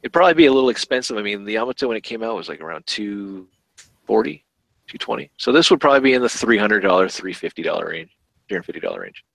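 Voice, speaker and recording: A man's voice: on the low side, expressive, fast, gravelly, a bit bright, no room sound, low-quality recording. A man hosting a podcast, chatting casually and thinking aloud with fillers about collectible toys. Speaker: podcast host.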